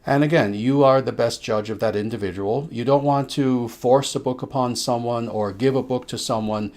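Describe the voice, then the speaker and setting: Unhurried male spiritual teacher. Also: medium pitch. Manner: slow, emphatic delivery with soft filler sounds. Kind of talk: answering questions in a spiritual talk.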